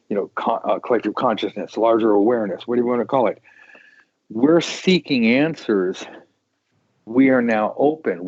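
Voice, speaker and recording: A man hosting a casual tarot talk show, rambling and animated, with many restarts. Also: on the low side, slightly rough, no echo, highs cut off. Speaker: tarot podcast host. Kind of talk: casual chat.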